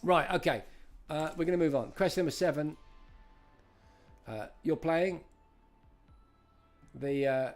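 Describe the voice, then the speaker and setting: A man's voice: fairly high pitch, measured pace, pauses often, faint music behind. A middle-aged man hosting a live-streamed retro quiz, chatting and greeting viewers by name as he reads out questions. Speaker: host.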